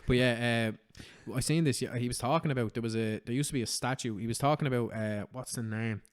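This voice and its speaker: Fast-talking Irish man, sweary. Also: mid-range voice, smooth. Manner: rapid, sweary, full of "do you know what I mean". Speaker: podcast host. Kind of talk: casual podcast chat.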